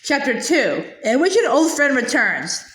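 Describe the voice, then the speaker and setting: A woman reading a storybook aloud in an expressive way, with small stumbles. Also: sits high, measured pace. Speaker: reader. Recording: roomy echoey room.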